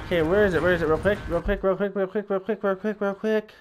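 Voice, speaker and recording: A young man commentating his own gameplay in an excitable, profane, repetitive manner. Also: sits high, quick pace, soft background music, low-quality recording. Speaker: let's play gamer.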